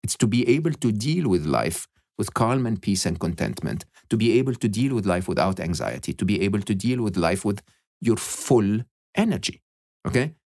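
Man, podcast guest, low pitch, very lively intonation, emphatic, dry recording. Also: normal speed, dry recording. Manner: animated, emphatic, tags lines with "okay?" and "hmm?". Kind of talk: reflective interview talk.

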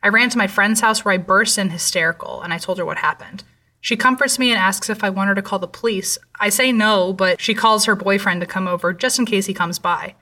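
Bright-voiced young woman narrating a story. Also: mid-range voice. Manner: steady, measured storytelling. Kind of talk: first-person story narration. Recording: voice slightly distant from mic.

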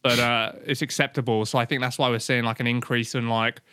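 A man's voice: medium pitch, flat delivery, brisk, pushed and bright, smooth, no echo, studio quality. A man co-hosting a podcast, bantering playfully and joking with friends. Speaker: podcast co-host. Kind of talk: casual banter.

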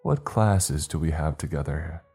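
Sly creepy kid, a man doing him, calm and slow, deep mellow voice. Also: vocal fry, husky, soft background music, heavily acted. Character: Michael, eerie young man with a mischievous grin.

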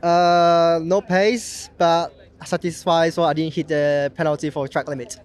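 A man's voice: fairly high pitch, flat delivery, a little slow. Man giving short clipped answers. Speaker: racing driver. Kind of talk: quick interview. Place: outdoors in a racing paddock.

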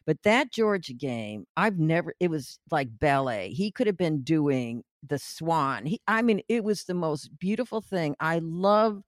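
A woman from Chicago chatting casually on a podcast, animated and teasing, talking fast. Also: sits low, dry recording, clean studio sound. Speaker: co-host, political commentator's wife. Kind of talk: casual chat.

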